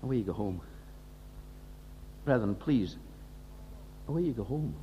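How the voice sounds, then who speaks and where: A man's voice: mid-range voice, slight background noise. A man preaching an impassioned sermon, often firing rhetorical questions at the congregation. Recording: dull lo-fi recording in a reverberant hall.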